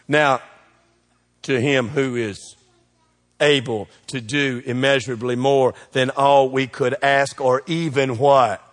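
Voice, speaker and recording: A pastor preaches a sermon in a big, roomy-sounding space, his voice mid-range, joking with the congregation and tossing questions back for them to answer. His loudness shifts quickly as he moves between preachy and playful.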